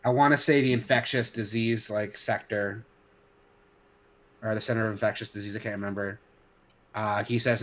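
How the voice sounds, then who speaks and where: A man's voice: fairly low pitch, fairly even intonation, normal speed, long pauses, fairly bright tone, slight background noise. Heated man ranting. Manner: heated, ranting with frequent restarts and fillers. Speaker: podcast co-host. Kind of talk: casual opinionated chat.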